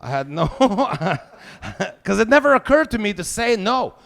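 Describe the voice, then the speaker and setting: A man's voice: sits high, big pitch swings, measured pace, vocal fry, fairly bright tone. A man doing live stand-up, telling a crude, self-mocking story peppered with swear words. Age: 40s. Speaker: stand-up comedian.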